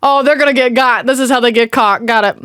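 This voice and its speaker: A woman's voice: fairly high pitch, fairly even intonation, fast, over music. A woman, chatting casually and talking back at a movie as she reacts to it. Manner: chatty, exclaiming, talks back to the screen. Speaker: reaction video host.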